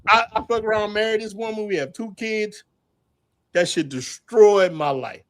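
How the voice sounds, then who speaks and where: A man's voice: sits high, normal speed, a bit bright, dry recording. A middle-aged man hosting a casual livestream chat, telling stories animatedly, laughing often and swearing freely. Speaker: channel host.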